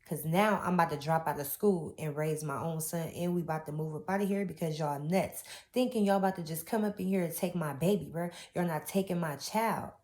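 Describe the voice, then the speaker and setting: This young woman's deep, slightly mellow voice moves briskly with few pauses as she tells her painful story. Her testimony is raw, heartfelt and emotional, marked by Southern-style casual grammar.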